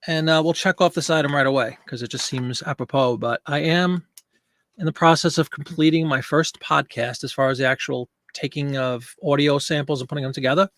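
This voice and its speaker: Chatty man hosting a live stream, gravelly. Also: fairly high pitch, fairly even intonation, a little fast, fairly bright tone, no room sound, studio quality. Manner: chatty, greets viewers by name, jokey. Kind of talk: casual live stream chat. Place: home studio with green screen. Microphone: desk microphone.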